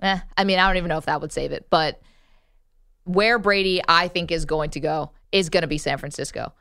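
A woman's voice: low-pitched, fairly quick, vocal fry, pushed and bright, clean tone, dry recording, clean studio sound. A woman co-hosting a sports talk show, giving opinionated takes in a casual debate. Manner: opinionated, argues points with laughs.

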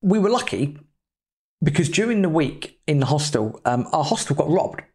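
A man's voice: on the high side, very animated, moderate pace, darkish tone. A man, a podcast host telling a travel story in a casual, chatty way with the odd swear word. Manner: chatty, loose, with mild swearing.

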